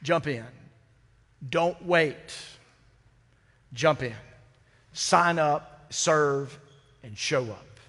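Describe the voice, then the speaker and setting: A man's voice: fairly high pitch, very slow, pauses often, fairly bright tone. A man pastor giving a sermon in a conversational, humorous way, with rhetorical questions to the congregation, on a microphone in a church. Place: church sanctuary. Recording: long hall reverb.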